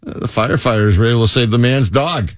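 A man's voice: medium pitch, fast, dry recording, clean studio sound. A man with a Chicago accent co-hosting a casual news talk show, laughing often and putting on voices for the people in his stories. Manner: animated, laughing, puts on voices for quoted people. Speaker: podcast co-host.

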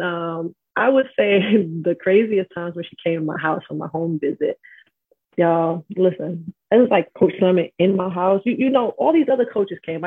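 A middle-aged woman from New York, a podcast guest telling stories in a casual, animated way, full of "like" and "you know". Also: on the low side, breathy edge, no room sound. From Queens, New York. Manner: animated, slangy, heavy use of "like" and "you know". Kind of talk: casual storytelling interview. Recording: tinny phone-like line.

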